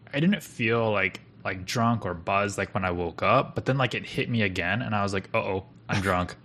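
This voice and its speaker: A man's voice: on the low side, a bit bright. A young man co-hosting a podcast, telling stories casually and rambling with lots of fillers and restarts. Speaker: podcast co-host. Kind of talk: casual storytelling chat.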